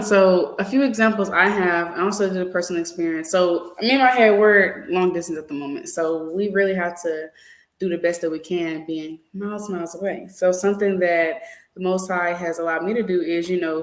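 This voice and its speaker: A young adult woman co-hosting a casual chat, lively and laughing often, with plenty of fillers. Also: fairly low pitch, normal speed, roomy sound, poor audio. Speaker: podcast co-host.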